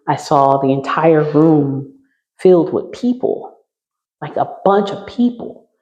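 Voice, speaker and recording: A woman with a gravelly edge of fry in her voice tells a personal story to a class, looping back over her own phrases as she goes. She sounds roomy and a little muffled, as if caught in an echoing space on modest gear. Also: low voice, dark tone. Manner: repetitive, circling back on phrases while recounting. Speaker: healing class teacher.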